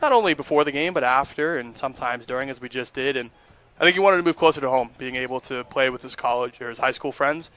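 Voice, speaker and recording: A man's voice: medium pitch, fast, bright, forceful tone, clear, resonant tone. A man working as an on-field reporter and analyst at a baseball game, talking in a friendly, conversational way. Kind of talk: sideline interview and game analysis.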